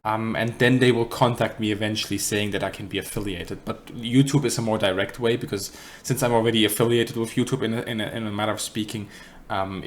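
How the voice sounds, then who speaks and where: German man streamer, fairly low voice, rambling casual Q&A, faint background hiss. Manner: rambling, frequent restarts and self-corrections, dry humour. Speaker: streamer answering chat questions. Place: apartment.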